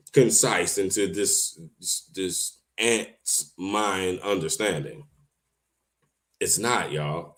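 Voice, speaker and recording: Deep-voiced man chatting casually on a livestream. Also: a bit bright. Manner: chatty, laughs often, informal slang. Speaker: online livestream host.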